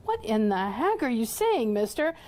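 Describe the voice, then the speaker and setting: A woman's voice: medium pitch, normal speed, warm tone, lightly acted. A woman voicing a scared but fierce male narrator in a book reading, speaking sharply. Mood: alarmed.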